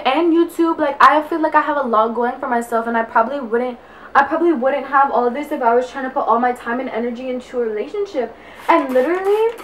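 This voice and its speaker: A woman's voice: high voice, fairly bright tone, slight background noise. A young woman vlogging in casual chat while getting ready, out of breath and rambling with constant fillers. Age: young adult. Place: indoors at home, getting ready.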